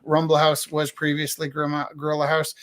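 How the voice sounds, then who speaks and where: A man's voice: fairly high pitch, completely flat delivery, fairly quick, a bit bright. Rambling jokey man in his fifties. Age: 50s. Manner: rambling, self-deprecating, jokey. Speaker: artist auctioning his paintings. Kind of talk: casual live-stream chat. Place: art studio, indoors.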